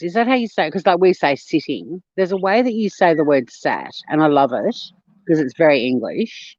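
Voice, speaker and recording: An Australian woman hosts a casual livestream from her phone, reading viewer comments, swearing freely and laughing often. Her voice is low and a little mellow, with lively intonation and a slightly quick pace. The recording is muffled, with no room sound.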